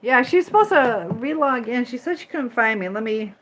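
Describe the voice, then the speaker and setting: A woman's voice: a little high, lively intonation, moderate pace, a bit bright, slight background noise. A woman from Michigan and Indiana hosting a casual livestream, chatting with viewers, greeting them by name and firmly moderating the chat. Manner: firm when moderating the chat. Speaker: livestream host.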